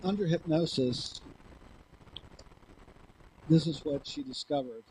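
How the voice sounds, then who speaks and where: A man giving a lecture, speaking in a slow, halting way with frequent pauses as he reads from notes. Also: fairly high pitch, darkish tone, slight background noise, poor audio. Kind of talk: lecture, reading a hypnosis transcript.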